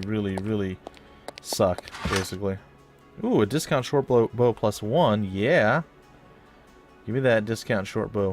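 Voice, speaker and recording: A man with a fairly low voice gives casual, jokey commentary while playing a game, chatting to his viewers as guys and folks. Game music plays clearly underneath him. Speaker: let's play host.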